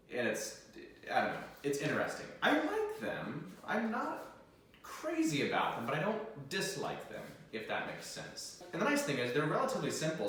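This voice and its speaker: A young American man hosts a video, chatting casually and poking fun at himself while sight-reading organ music. His voice is medium-pitched and fairly bright, picked up by a distant mic in a very echoey organ room with slight background noise.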